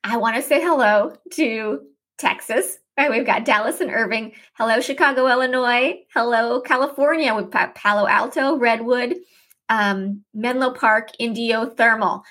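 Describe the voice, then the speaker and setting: A woman's voice: a little high, moderate pace. A middle-aged woman hosting a podcast, chatting casually and upbeat with fillers. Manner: warm shout-outs, upbeat and chatty with fillers. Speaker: podcast host.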